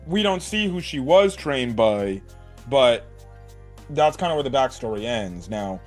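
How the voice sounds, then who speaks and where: A man giving a casual, animated recap of an anime episode, swearing and saying "like" a lot. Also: medium pitch. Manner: animated, swears, many "like"s and "right?". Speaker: anime reviewer.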